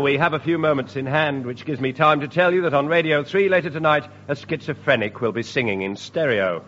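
A man performing radio comedy with a slightly high voice and an indignant, put-upon delivery. The recording is dull and lo-fi, with clear background noise. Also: moderate pace.

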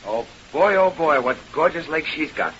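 A brash, slangy young vaudeville dancer with a bright, lively, rather high voice. His talk is blustering and loose in grammar. It comes through a muffled old radio recording with a faint hiss. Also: normal speed. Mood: boastful. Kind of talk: 1930s radio acting.

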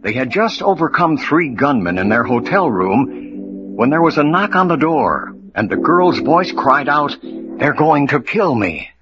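A man's voice: on the high side, sing-song, unhurried, dull audio. A man narrating a radio drama as the announcer, in a dramatic, urgent storytelling manner. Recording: old radio recording with music behind. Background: music.

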